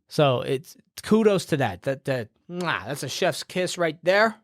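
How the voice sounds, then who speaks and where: A man's voice: a little high, animated, moderate pace, no echo, clean studio sound. Blunt, cussing male podcast host. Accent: slight New Jersey edge when heated. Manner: blunt, profane, rambling pep talk. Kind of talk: casual podcast rant.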